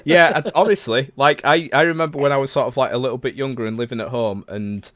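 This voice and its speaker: A man's voice: mid-range voice, fast, fairly bright tone, no echo. Man, 30s, podcast host, rambling and chatty, mid voice, dry sound. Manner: rambling, chatty, full of self-corrections. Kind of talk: casual chat on a livestreamed podcast.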